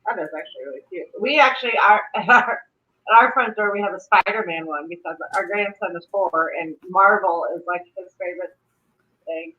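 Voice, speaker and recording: A middle-aged woman hosting a casual live stream, chatty and quick to laugh. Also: fairly low pitch. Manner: laughs often, chatty and animated. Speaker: livestream host. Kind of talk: casual chat. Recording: dull lo-fi stream audio.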